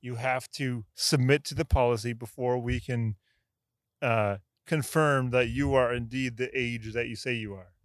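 A man's voice: mid-range voice, fairly even intonation, a little slow, no room sound. A man co-hosting a casual podcast, talking in a profane, sarcastic rant. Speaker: podcast co-host. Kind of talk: casual chat.

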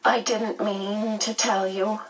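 A woman voicing a sorrowful, motherly star-being who speaks softly and tenderly. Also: medium pitch, slow pace, distant mic, voice pushed up, rough recording. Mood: sad, tender. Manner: soft, sad and tender.

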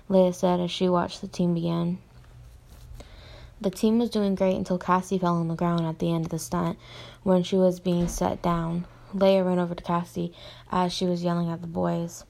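A woman's voice: fairly low pitch, flat delivery, normal speed, vocal fry, darkish tone. A young woman reading her own story aloud, plainly, stumbling and restarting often.

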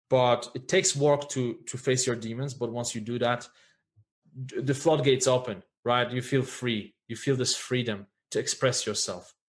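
A man speaking as a podcast guest, earnest and reflective, often checking in with "right?" as he talks. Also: mid-range voice. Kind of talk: candid podcast conversation.

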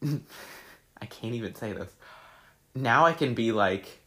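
A man's voice: medium pitch, takes it slowly. A young man chatting casually as he reads out his old social media posts, laughing and swearing at them. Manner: laughing, swearing, excitable reactions. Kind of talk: casual chat.

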